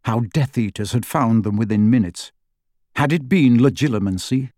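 A man's voice: mid-range voice, moderate pace, dark tone, no room sound. Man with a dry, close narrating voice. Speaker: audiobook narrator. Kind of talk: scripted narration.

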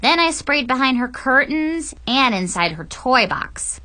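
A young adult woman narrates a comic first-person story for an audiobook, animated and playful in delivery. Her voice is high-pitched and her pace measured.

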